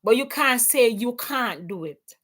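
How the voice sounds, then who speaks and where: Unhurried and expressive, a Jamaican woman living in Canada hosts a laid-back opinion livestream from home. Her voice is a little high with a fairly bright tone, and she weaves patois into her English with lots of emphasis.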